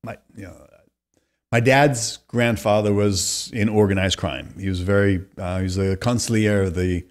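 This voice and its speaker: A man in his fifties from California, a podcast guest telling long animated stories and acting out the voices of people he quotes. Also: fairly low pitch, moderate pace. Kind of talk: conversational storytelling.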